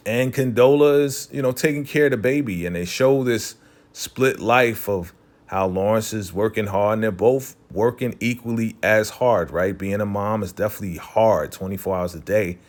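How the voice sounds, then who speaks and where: A man's voice: lowish voice, moderate pace, a little mellow. Chatty man recapping a TV episode. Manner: loose and chatty, heavy on "you know" and "right?"; briefly voices characters while retelling scenes. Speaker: TV recap host.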